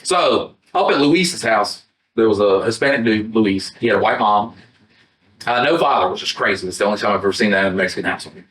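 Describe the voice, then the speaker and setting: A man with a lowish voice and quick pace co-hosts a podcast, telling a story in casual conversation. He swears a lot, stays animated, and acts out his own quotes. His voice comes through a distant mic with a roomy sound, not the podcast mics.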